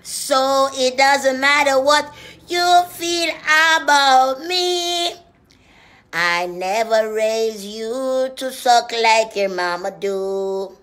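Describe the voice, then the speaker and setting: Woman, preachy profane comic rant, high pitched, unhurried delivery. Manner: profane, preachy, shifts between hushed whispers and loud shouting. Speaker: comedian.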